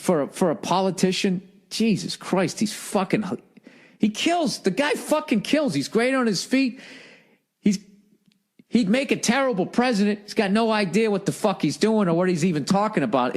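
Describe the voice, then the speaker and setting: A man's voice: high-pitched, big pitch swings, normal speed. A man hosting a podcast, ranting in an exasperated, profane monologue while jet lagged. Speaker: podcast host.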